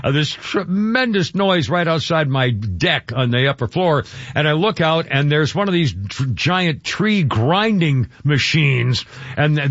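A man's voice: a little high, a bit bright, no room sound. A man hosting a radio talk show in a casual, rambling way, often stumbling over his words. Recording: dull, dry radio studio sound.

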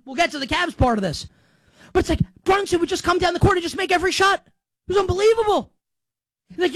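A man delivering an excitable, rambling sports monologue as show host, breaking into shouts. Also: very high-pitched, dry recording, rough recording. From New York.

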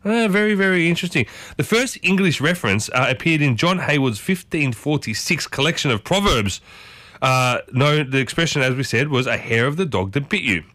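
A man's voice: a little high, expressive, a little fast, pushed and bright, no echo. A man hosting a casual talk, chatting to his listeners and often turning to ask them questions. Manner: chatty, asks the audience many questions. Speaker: host.

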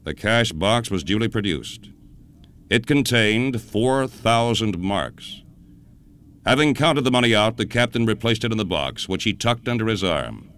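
Smooth, low-voiced male radio storyteller. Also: expressive, a bit bright. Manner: measured, dramatic storytelling. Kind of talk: scripted radio narration.

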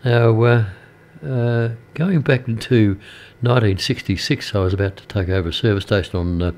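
Rambling older Australian radio presenter. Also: male voice, on the low side, a little mellow. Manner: rambling, halting with many fillers. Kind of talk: casual radio chat between songs. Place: radio studio.

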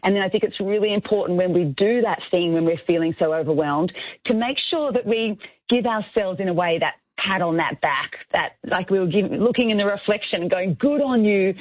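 A woman's voice: medium pitch, a little fast, dry recording. A woman from Australia, an author being interviewed on the radio, talking in an earnest, encouraging way in short phrases. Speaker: author guest. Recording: phone line.

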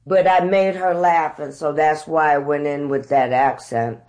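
A middle-aged actress telling candid stories about auditions, unhurried and reflective, growing animated as she retells them. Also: sits low. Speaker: actress guest. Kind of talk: candid conversational storytelling.

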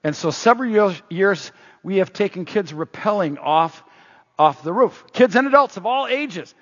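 A man preaching a sermon as pastor, animated, quoting scripture aloud. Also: sits high, moderate pace. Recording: roomy hall, dull lo-fi sound.

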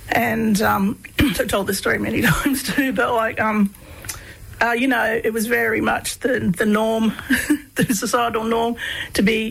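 A woman's voice: a little high, creaky, fairly bright tone, slightly rough, poor audio. A woman being interviewed, telling personal stories in a rambling, casual way full of fillers and frequent laughs.

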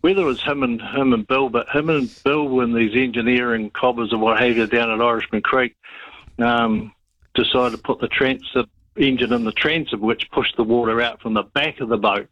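A man's voice: medium pitch, steady tone, moderate pace, no room sound. Man, new zealand accent, rambling and hesitant, muffled phone line, dry sound. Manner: rambling, hesitant, restarts often. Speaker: caller. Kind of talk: casual phone-in storytelling.

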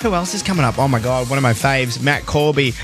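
A man hosting a radio music show, chatty and enthusiastic, his voice hoarse and croaky from a cold. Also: medium pitch, lively intonation, fast talker, fairly bright tone. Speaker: radio host. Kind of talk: upbeat radio presenting.

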